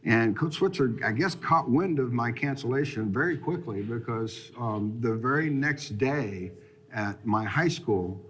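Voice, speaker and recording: A man's voice: medium pitch, animated, unhurried, fairly bright tone, breathy edge. A man in his fifties, a former football player and interview guest, telling stories in a rambling way with frequent restarts and chuckles. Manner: rambling, laughing as he tells stories, many restarts. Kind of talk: casual storytelling in an interview.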